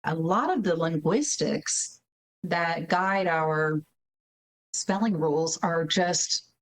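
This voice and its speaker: A woman interview guest who directs a learning center, explaining in lively casual talk, acting out children and checking in with tag questions. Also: sits low, takes it slowly, rough recording. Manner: animated, acts out children's reading with voices; frequent tag questions, laughs while explaining.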